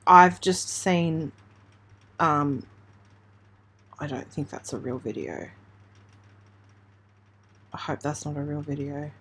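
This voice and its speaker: A woman from Australia hosting a true crime channel, giving halting, emotional live commentary on breaking news while trying not to cry. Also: low-pitched, fairly bright tone, slight background noise. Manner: halting, emotional, hesitant with restarts. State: near tears.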